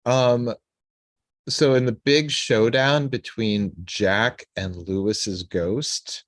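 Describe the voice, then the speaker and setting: A man co-hosting a podcast, cracking jokes and riffing eagerly on a TV episode. His voice sits at an ordinary middle pitch. It is recorded close and dry, with no room sound. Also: steady tone, very slow, dry recording. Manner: joking, enthusiastic, chatty. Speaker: podcast co-host. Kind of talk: casual chat recapping a TV episode.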